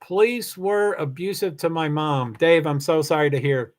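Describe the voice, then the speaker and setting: Rambling middle-aged man streaming, fairly high. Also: moderate pace. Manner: rambling, restarts often, swears when heated. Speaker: livestream host reading chat. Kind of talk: casual chat.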